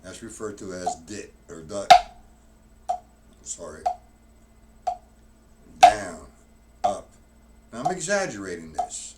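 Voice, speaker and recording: In a room full of drums, a low-voiced male teacher runs a live-streamed lesson, speaking slowly in a sing-song way with frequent pauses. He counts strokes aloud and rambles through technique with many restarts, captured by a distant mic amid loud drum hits and heavy background noise.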